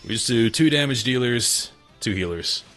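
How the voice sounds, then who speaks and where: A man's voice: mid-range voice, lively intonation, normal speed, fairly bright tone, faint music behind. A man giving wry, joking let's-play commentary over a retro game. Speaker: gaming channel host.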